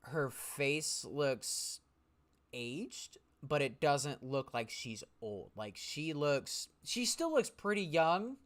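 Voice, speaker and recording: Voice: medium pitch, very animated, slow pace. A game master narrating a tabletop game, rambling and repeating words.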